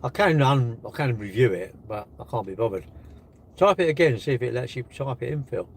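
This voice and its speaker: A cocky older man, chatting on a livestream and ribbing his viewers. His voice sits at an ordinary middle pitch, with a faint layer of background noise under it. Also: expressive, brisk. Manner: cocky, teasing banter with viewers. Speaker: livestream host reading chat. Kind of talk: casual live-stream chat.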